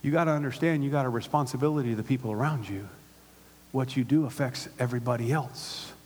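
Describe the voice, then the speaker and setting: A man preaching a sermon to his church, with call-and-response and swings from hushed to loud. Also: mid-range voice, quick pace, husky. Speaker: pastor. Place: synagogue hall used by a church. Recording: long reverb of a large hall.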